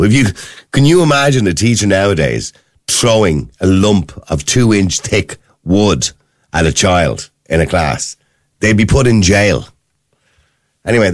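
Deep-voiced Irish radio host. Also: male voice, no room sound, studio quality. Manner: conversational, earnest, quick asides. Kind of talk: radio phone-in chat.

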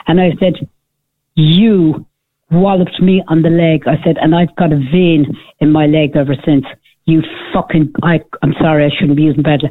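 An older Irish woman phones in to a radio talk show, her voice thin and squeezed by a tinny phone line. She tells a story with lively sarcasm and puts on the voices of the people in it. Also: fairly low pitch. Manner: animated storyteller, sarcastic, acts out quoted speech. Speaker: caller.

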